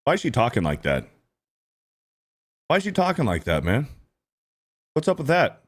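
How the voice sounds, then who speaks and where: A man's voice: medium pitch, wildly swooping pitch, normal speed, breathy edge. Profane ranting male show host. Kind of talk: ranting reaction commentary.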